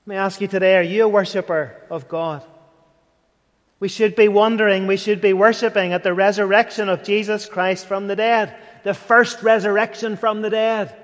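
A man's voice: sits high, steady tone, normal speed. A man preaching an earnest sermon, rising to fervent and dropping to near whispers. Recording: long hall reverb.

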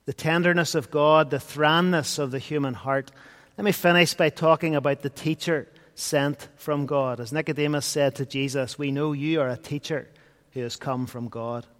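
A man preaching a sermon, earnest, swinging between loud and hushed. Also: on the high side, steady tone, moderate pace. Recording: long hall reverb.

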